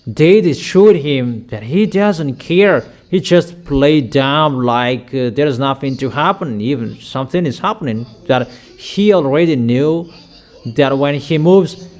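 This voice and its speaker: Male preacher, slow and emphatic, higher-pitched, sudden loud outbursts. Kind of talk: sermon.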